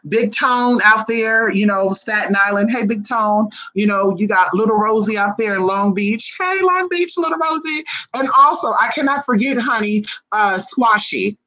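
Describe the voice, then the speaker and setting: A spiritual reader chatting live with viewers in a sassy, fast way, calling them honey, with big swings in pitch. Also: pushed and bright, lo-fi sound. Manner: talks fast. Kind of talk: live-stream chat with viewers.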